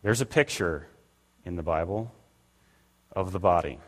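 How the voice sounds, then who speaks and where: A man's voice: low voice, measured pace. An older man preaching a conversational sermon as pastor, acting out the voices he quotes. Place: church sanctuary. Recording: long reverb of a church hall.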